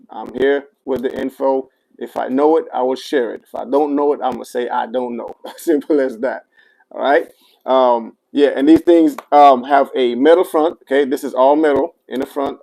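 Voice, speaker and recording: A man's voice: medium pitch, vocal fry, a little mellow, rough recording. Chatty livestream seller, a man, answering comments while he demos gear. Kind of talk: casual product demo livestream.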